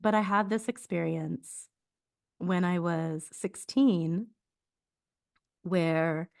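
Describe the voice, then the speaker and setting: Reflective woman, laughing often. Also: low voice. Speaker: podcast host. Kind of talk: casual spiritual conversation.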